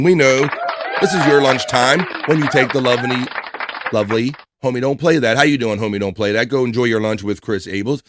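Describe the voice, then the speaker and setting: A man's voice: medium pitch, moderate pace, a little hiss or hum. A man hosting a live stream, chatting loosely and reading out the chat with profane, hyped-up banter.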